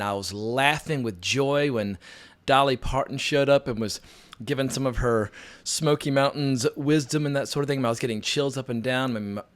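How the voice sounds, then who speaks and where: A man talking casually and enthusiastically as he reviews a TV episode, his voice scratchy from getting over a cold, often rambling and restarting. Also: medium pitch. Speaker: TV review vlogger.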